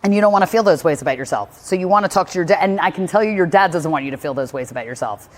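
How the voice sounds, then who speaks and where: A woman's voice: on the low side, animated, racing, big-room sound. A woman giving candid one-on-one advice in a blunt, emphatic way, swearing freely. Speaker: personal growth speaker coaching a listener.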